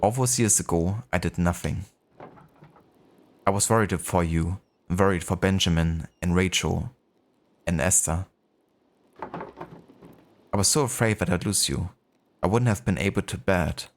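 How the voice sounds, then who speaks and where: Man reading as gentle regretful old father. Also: low-pitched, measured pace, long pauses, slight background noise. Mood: reflective. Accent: German. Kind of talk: reading game dialogue aloud.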